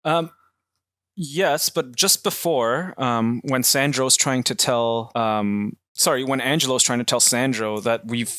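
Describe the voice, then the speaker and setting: Male podcast host, bright, dry close sound, rambling plot recap. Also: medium pitch, slow, dry recording. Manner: retells scenes at length with many ums and quoted lines. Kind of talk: casual film discussion.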